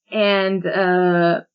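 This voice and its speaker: A woman hosting a podcast in casual chat, lively and often laughing, acting out quoted lines in a raised voice. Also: lowish voice, smooth. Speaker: podcast host. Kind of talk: casual chat recapping a manga chapter. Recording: dull lo-fi podcast audio.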